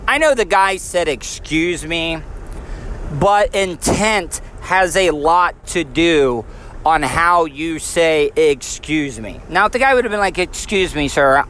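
A man's voice: high voice, fairly bright tone, slight background noise. A man venting in an agitated, profane rant for a vlog outside a gas station store.

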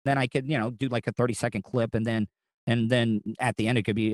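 A podcast host chats loosely and casually at a fairly quick pace, rambling, restarting sentences, and swearing freely. His middling-pitch voice sounds close and dry, with no room sound.

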